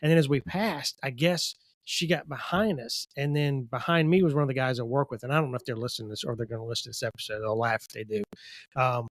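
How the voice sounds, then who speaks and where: A man's voice: mid-range voice, fast, no room sound, studio quality. A male podcast host telling a rambling story in casual conversation, with false starts.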